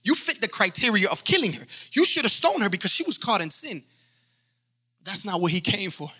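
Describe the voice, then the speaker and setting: A man's voice: high-pitched, sing-song, a little fast, pushed and bright, husky. A man pastor preaching a sermon with emphasis, acting out stories as he goes.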